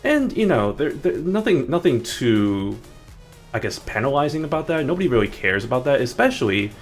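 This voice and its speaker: A man's voice: medium pitch, big pitch swings, moderate pace. A man streaming a game, chatting casually in a rambling way with many restarts. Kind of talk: casual gaming stream chat. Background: faint background music.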